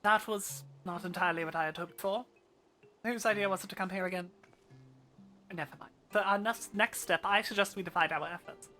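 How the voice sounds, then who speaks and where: A woman's voice: medium pitch, fairly quick, pushed and bright, soft background music, natural voice. Woman doing a plummy posh male noble. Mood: wry. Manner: plummy upper-class drawl. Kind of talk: reading game dialogue aloud.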